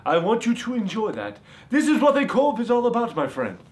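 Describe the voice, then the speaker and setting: A man's voice: very high-pitched, wildly swooping pitch, a little fast, slight background noise, exaggerated voice. A man voicing a campy male vampire who calls himself a reformed beach boy, speaking in a hammy, theatrical manner. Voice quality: theatrical, sudden shouts. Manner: hammy, boastful. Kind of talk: comedy sketch.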